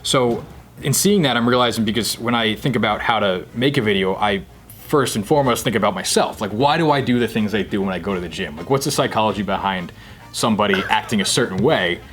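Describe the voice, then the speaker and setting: A guest comedian in his thirties from New Jersey tells stories in casual chat, relaxed, candid, and swearing freely. His voice is lowish and quick, with soft music in the background.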